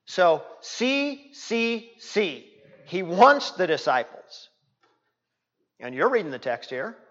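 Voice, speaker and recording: A male pastor preaching a sermon in a church, emphatic, repeating key words and swinging from loud to hushed. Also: high-pitched, very animated, takes it slowly. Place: church sanctuary. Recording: reverberant, dull lo-fi church recording.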